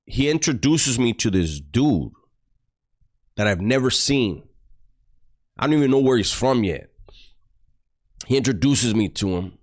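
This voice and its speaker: A man's voice: mid-range voice, expressive, measured pace, long pauses. A man telling a story from his past in a casual, blunt, streetwise way. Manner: blunt, profane, streetwise, acts out quotes.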